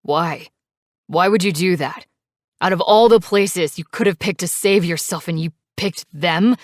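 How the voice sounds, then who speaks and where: A woman reading the lines of an angry, grieving young male biker in an audiobook, shouting and accusing. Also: fairly low pitch, a little slow, dry recording, clean studio sound, natural voice.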